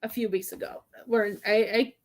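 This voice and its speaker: Her voice sits in the mid-range, with fairly even intonation and a moderate pace. She's a woman doing a live-streamed psychic medium reading, rambling hesitantly with plenty of fillers and frequently getting choked up.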